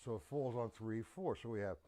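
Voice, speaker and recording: A man teaching a drum lesson, counting the beats aloud slowly and emphatically. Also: medium pitch, over loud music. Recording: loud drum kit over voice. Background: loud drums.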